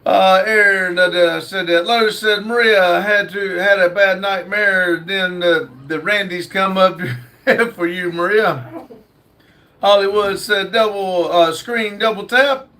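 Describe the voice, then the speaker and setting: Bright high-voiced man reading stream chat. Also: fairly even intonation, slow pace. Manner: reads viewer comments aloud with many fillers. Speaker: livestream host reading chat. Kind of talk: casual livestream chat.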